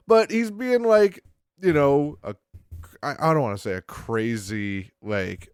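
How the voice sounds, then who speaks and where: A young man co-hosting a casual chat, excitable and swearing, acting out characters' lines as he recaps. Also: mid-range voice, unhurried, clean tone, dry recording, clean studio sound. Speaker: podcast co-host.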